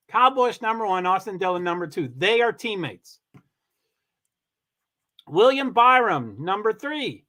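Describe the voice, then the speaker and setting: A man hosting a livestream, giving rambling, chatty commentary on a car race and swearing when he gets excited. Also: sits high. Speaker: livestream host. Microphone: computer mic on a streaming call.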